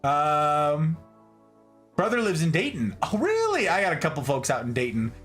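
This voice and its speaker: A man from Nevada chatting casually on a livestream as he reads his chat, joking and swinging between high and low voices. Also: huge pitch swings, moderate pace, a bit bright, faint music behind. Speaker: streamer reading chat.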